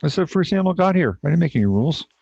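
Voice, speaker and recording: A man voicing the Buddha as a calm, commanding ancient male ruler who hands out decrees plainly, on a dull, dry recording. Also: fairly high pitch, very fast, vocal fry, husky, no room sound, pitched above the performer's own voice, heavily acted. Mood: decreeing. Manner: matter-of-fact, decreeing.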